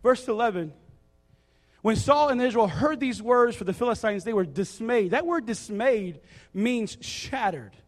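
A man preaching a sermon, joking and acting out a story in a casual, animated way. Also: very high-pitched, a little slow. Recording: reverberant hall.

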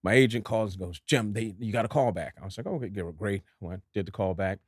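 A middle-aged man from Dallas, an actor guest in an interview, telling stories in an animated way and acting out other people's voices. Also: on the low side, fast, husky, dry recording, clean studio sound. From Dallas, Texas. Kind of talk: storytelling interview.

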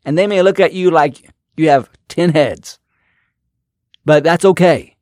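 A man's voice: a little high, a little slow, a little mellow, no room sound, clean studio sound. Fired-up motivational podcast man. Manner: emphatic, repetitive, exhorting. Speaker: podcast host and coach.

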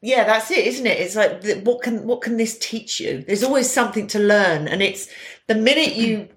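A woman's voice: a little high, animated, moderate pace. A woman co-hosting a podcast who talks bluntly, swears freely and laughs often. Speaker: podcast co-host. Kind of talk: casual astrology chat. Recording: echoey room.

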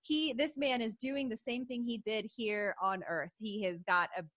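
Giggly woman with a higher voice. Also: normal speed. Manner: giggly, animated storytelling with many fillers. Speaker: podcast co-host. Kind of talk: casual chat.

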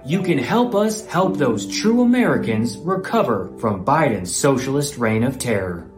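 A man voicing a solemn, pleading male announcer in a mock charity fundraising ad. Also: reverberant. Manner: earnest, pleading pitch.

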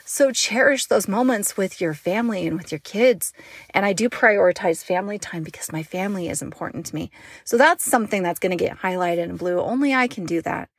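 A woman's voice: mid-range voice, lively intonation, a little fast, breathy edge, no echo, studio quality. A woman in her thirties from Utah, talking straight to her viewers in a chatty, emotional personal vlog. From Utah, United States. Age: 30s. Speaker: mom vlogger and online business owner.

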